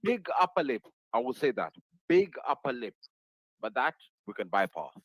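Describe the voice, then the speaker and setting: Teasing male co-host; lively, swooping delivery, dry close sound. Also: medium pitch, brisk, no room sound, low-quality recording. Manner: teasing, repeats himself. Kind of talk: casual banter.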